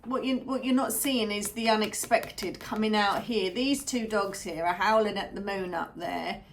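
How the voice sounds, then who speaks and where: A woman's voice: mid-range voice, moderate pace. A woman giving a casual tarot reading, musing aloud and repeating phrases as she goes. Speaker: tarot reader.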